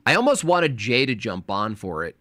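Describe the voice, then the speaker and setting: A man's voice: medium pitch, huge pitch swings, moderate pace, bright, forceful tone, no room sound. A man hosting a live stream, reacting to a debate clip in casual chat with a mocking, sarcastic manner.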